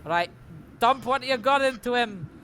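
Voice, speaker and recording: A woman's voice: sits low, fairly even intonation, normal speed, slight background noise, lightly acted. A man voicing a blunt, swearing female elf spellcaster in a tabletop game, giving a crude, urgent warning to her allies. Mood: alarmed.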